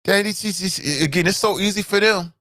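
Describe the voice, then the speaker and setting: A male talk show host from Cincinnati, delivering animated solo commentary full of repeated rhetorical questions and sudden high exclamations. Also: fairly quick, no echo, studio quality. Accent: Cincinnati, Ohio.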